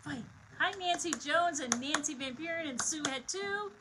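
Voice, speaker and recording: A woman's voice: high-pitched, animated, normal speed, background noise. A middle-aged woman hosting a card-making live stream from her home craft room, chatting with viewers in a bubbly, rambling way with many fillers.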